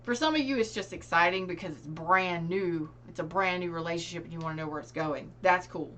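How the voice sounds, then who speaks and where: A woman's voice: lowish voice, a little fast, fairly bright tone, slight background noise. A woman giving a casual tarot reading, speaking earnestly and directly to her viewers. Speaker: tarot reader.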